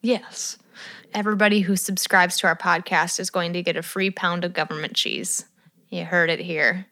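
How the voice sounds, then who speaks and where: A woman's voice: lowish voice, steady tone, normal speed, pushed and bright. A woman co-hosting a podcast in casual chat, laughing often between her remarks. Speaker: podcast co-host.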